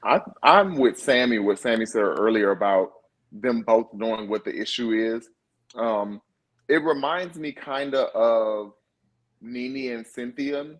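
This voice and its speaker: A man's voice: mid-range voice, measured pace, low-quality recording. A man on a casual discussion panel, easygoing and thinking aloud as he gives his take. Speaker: podcast panelist. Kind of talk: casual chat.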